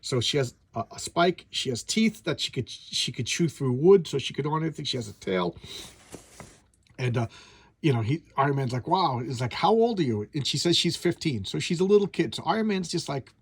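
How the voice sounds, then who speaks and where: A man's voice: medium pitch, animated, fairly quick, gravelly, breathy edge, no echo. A man reviewing an old comic book in a casual, blunt, rambling way, often restarting his sentences.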